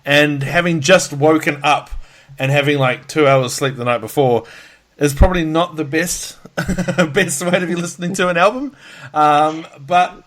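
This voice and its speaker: A man's voice: fairly high pitch, measured pace, fairly bright tone. A tired man hosting a podcast over a call, rambling, laughing a lot and swearing freely. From Australia. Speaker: podcast host. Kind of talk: casual chat. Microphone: video call.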